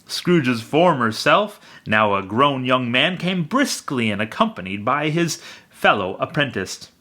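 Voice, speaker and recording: A man reading a classic novel aloud with expressive storytelling. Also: mid-range voice, measured pace. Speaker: audiobook reader.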